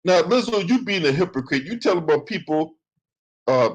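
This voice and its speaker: A man's voice: a little high, expressive, moderate pace, rough recording. A man hosting a commentary channel, reading from a lawsuit and breaking into profane, sarcastic rants.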